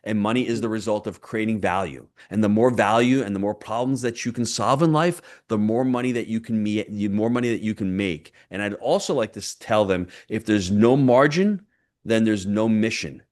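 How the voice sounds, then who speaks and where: A middle-aged man, a real estate investor appearing as a podcast guest, telling stories in an animated, emphatic way with punchy phrasing. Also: fairly low pitch, normal speed. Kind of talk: podcast interview.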